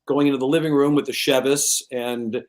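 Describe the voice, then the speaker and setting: A man's voice: mid-range voice, fairly quick. A man in his sixties, a show host, telling anecdotes in casual chat and slipping into other people's voices as he goes. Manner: animated storyteller who slips into other people's voices.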